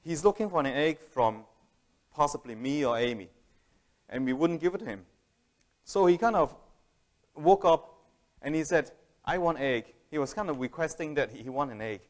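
A man's voice: on the high side, expressive, normal speed, long pauses. A man preaching a sermon in a plain, conversational way, telling a family story and often restarting his sentences. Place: church hall.

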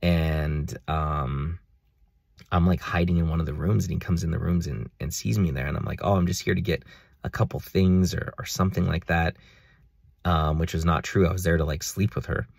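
Young male vlogger, deep gravelly voice, close dry sound, earnest and rambling. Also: fairly even intonation, moderate pace, no echo. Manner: earnest, rambling, many fillers. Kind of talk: casual personal video diary.

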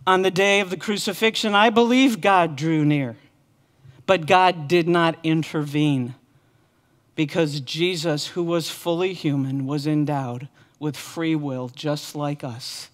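A woman's voice: low-pitched, unhurried. A woman pastor preaching a sermon with earnest, impassioned repetition. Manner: earnest, impassioned repeated lament.

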